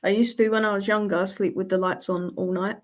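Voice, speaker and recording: Reading viewer questions aloud on a relaxed livestream, this woman chats and laughs frequently. Her medium-pitched voice stays fairly level and moves a little fast.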